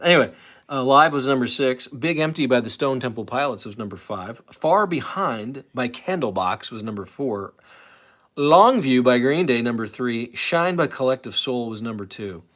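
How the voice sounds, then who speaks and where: A man's voice: mid-range voice, animated, moderate pace, fairly bright tone. Give me a male live-stream host in his forties who rambles and keeps interrupting himself. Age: 40s. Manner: rambling, self-interrupting, many fillers. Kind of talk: casual live stream chat.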